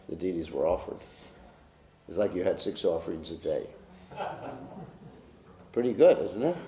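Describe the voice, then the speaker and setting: Male monk, scripture lecture, lively intonation, echoey temple hall. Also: lowish voice. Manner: humorous, self-mocking, teases the audience. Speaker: monk giving a scripture class. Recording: echoey room.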